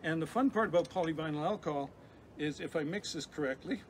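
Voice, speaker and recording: A middle-aged man, a chemistry professor, giving a lively, chatty live science demonstration for kids with frequent restarts. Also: fairly high pitch, quick pace. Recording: noisy background hiss.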